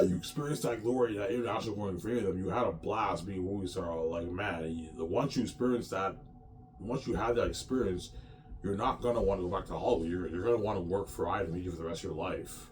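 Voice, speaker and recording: Brash male host, lowish voice, rambling boastful monologue. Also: darkish tone, slight background noise. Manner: brash, repetitive, ends phrases with "man". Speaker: show host.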